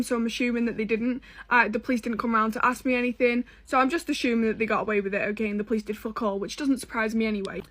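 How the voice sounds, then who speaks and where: British woman, young, sassy storyteller, swears a lot, fairly high voice. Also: fairly bright tone. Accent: British English. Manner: sassy, swearing, dramatic asides to viewers. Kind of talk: casual storytime.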